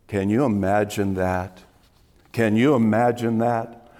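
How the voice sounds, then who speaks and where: A man preaching a sermon to his congregation in an emphatic way, repeating key phrases and dropping to a hush. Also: fairly low pitch, steady tone, slow. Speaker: pastor. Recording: long hall reverb.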